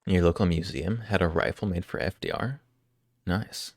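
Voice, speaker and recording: A man's voice: sits low, lively intonation, normal speed, no room sound, clean studio sound. A man live-streaming, chatting casually and jokingly with his viewers as he answers their questions.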